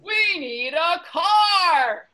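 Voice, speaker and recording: Brief: storybook elephant, male, bossy and fretful, slow and bright-toned, a woman reading the part. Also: extremely high pitch, expressive, pitched above the performer's own voice, exaggerated voice. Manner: bossy, chanting, fretful outbursts. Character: fussy worried male elephant planner.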